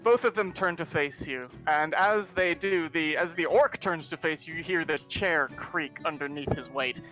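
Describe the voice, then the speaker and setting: A male game master narrating a tabletop session with lively, theatrical delivery. His voice is high and bright, and faint music plays behind him. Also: normal speed.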